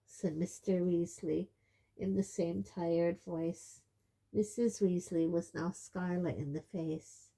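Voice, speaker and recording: A woman reads a novel aloud in an unhurried, steady way. Her voice is a little low and mellow, and she takes her time over every line. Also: vocal fry. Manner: slow, steady storytelling. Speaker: audiobook reader. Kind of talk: audiobook narration.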